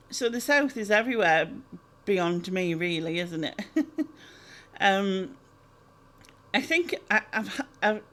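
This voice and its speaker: A woman's voice: medium pitch, fairly bright tone. A woman, chatting casually through a Q&A vlog, rambling with lots of ums and laughs. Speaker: YouTuber answering viewer questions.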